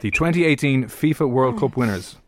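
A man's voice: mid-range voice, expressive, a little fast. A man hosting a radio quiz bit in a teasing, playful quizmaster manner. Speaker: radio host.

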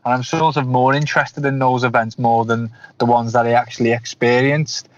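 A man in his thirties hosts a football podcast, asking long, winding questions that stumble over restarts before getting to the point. His pitch is middling, and the audio has a dull, lo-fi quality. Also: level tone, brisk, a little hiss or hum. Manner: rambling, many restarts. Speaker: podcast host. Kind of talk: interview questions.

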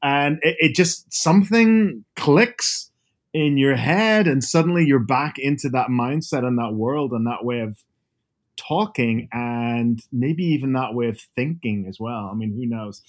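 A man in his fifties from Northern Ireland with a softened Northern Irish accent, chatting as a guest author over a video call and telling lively, animated stories. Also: mid-range voice, moderate pace. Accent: Northern Irish, softened by years abroad. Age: 50s. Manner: animated storyteller, lively asides.

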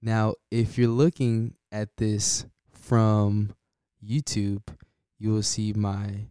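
A man hosts his podcast in a relaxed, unhurried way, often breaking into a short chuckle. His voice sits low and comes through smooth and resonant. The sound is dry and close, with no room in it. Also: dry recording. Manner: laid-back, chuckles often between points. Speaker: podcast host. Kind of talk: casual solo podcast talk.

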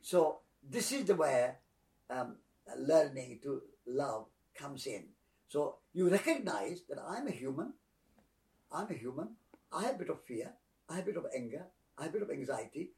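Man, gentle teacher, lively rising and falling pitch, slightly high voice, heard from a distance. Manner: slow, soft-spoken, repeating phrases like a litany. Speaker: spiritual teacher. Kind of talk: calm reflective teaching.

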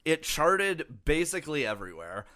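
Smooth-voiced man in casual podcast chat. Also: on the high side, big pitch swings, normal speed, sharp tone, no echo, studio quality. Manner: profane, rambling, lots of fillers. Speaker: podcast co-host. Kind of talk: casual album review chat.

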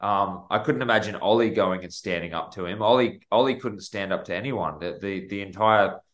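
Man, lowish voice, blunt and defensive, casual podcast chat. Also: fairly quick.

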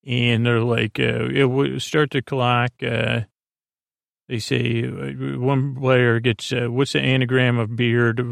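Gravelly guy mumbling thru a show recap, kinda monotone, dry close sound. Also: medium pitch, no room sound. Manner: rambling, hesitant, many fillers and restarts. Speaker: podcast host. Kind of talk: sleepy recap of a TV episode.

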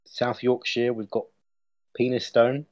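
A man's voice: lowish voice, expressive, unhurried, darkish tone, dry recording, highs cut off. A man in his twenties co-hosting a casual podcast, laughing as he reads out a list. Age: 20s. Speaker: podcast co-host. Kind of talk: casual chat.

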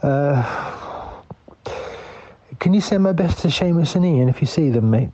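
A man leaving a rambling, hesitant comic voice message, whispering quietly as he talks. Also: a little high, animated, measured pace, muffled recording. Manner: hesitant and rambling, with many restarts. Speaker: comedy podcast co-host. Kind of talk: improvised comic voice-message monologue.

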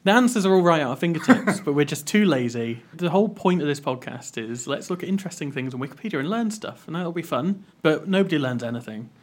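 A man's voice: a little high, expressive, fast, hardly any pauses. Playful podcast host, man. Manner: playful, teasing, often laughing. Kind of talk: casual comedy podcast banter.

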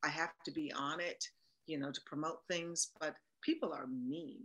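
Forceful animated woman in an interview. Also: low voice, normal speed, low-quality recording. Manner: animated and emphatic. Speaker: guest, voice actor and producer. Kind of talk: casual interview chat.

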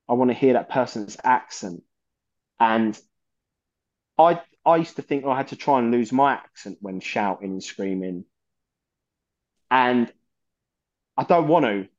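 A man's voice: medium pitch, darkish tone, muffled recording. A man, a guest on a metal podcast, talking passionately and rambling, with plenty of swearing. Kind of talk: casual chat.

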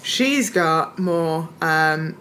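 A woman from Scotland co-hosting a podcast in casual chat, talkative and quick to laugh, picking apart words. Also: deep voice, expressive, fairly bright tone, slight background noise. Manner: chatty, laughs often, picks at words. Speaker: podcast co-host.

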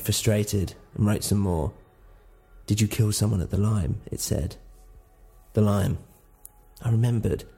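Low, gravelly male narrator. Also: mellow. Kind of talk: first-person audio drama narration.

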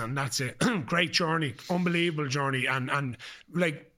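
An Irish man guesting on a podcast, telling stories in a lively, swearing way full of fillers and restarts. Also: on the high side, moderate pace. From Ireland. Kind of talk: casual storytelling chat.

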